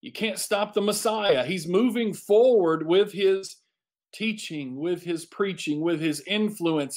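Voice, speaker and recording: Male preacher, slightly raised pitch, emphatic delivery with repeated phrases, sermon style. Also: measured pace.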